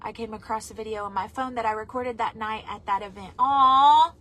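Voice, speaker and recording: A woman's voice: a little high, a little fast, fairly bright tone, poor audio. A middle-aged woman, chatting casually on a livestream and reading viewer comments aloud. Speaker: singer hosting a livestream album listening party.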